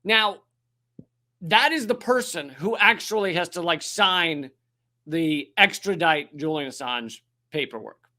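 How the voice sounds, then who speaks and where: A man's voice: a little high, expressive, a little slow, sharp tone. Profane ranting male comedy host. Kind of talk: comedic news commentary.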